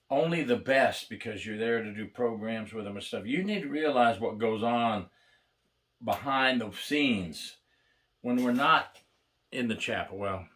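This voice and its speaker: A man's voice: medium pitch, fairly bright tone. An older retired corrections officer, a man, telling blunt, wry stories about prison life in a casual, plainspoken way. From United States. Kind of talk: casual storytelling to camera.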